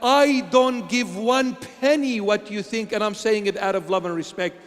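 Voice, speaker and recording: A man preaching a sermon at a church altar, impassioned and repetitive, swinging between shouting and hushed tones. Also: sits high, normal speed, few pauses. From Syria. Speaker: bishop. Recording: long church reverb.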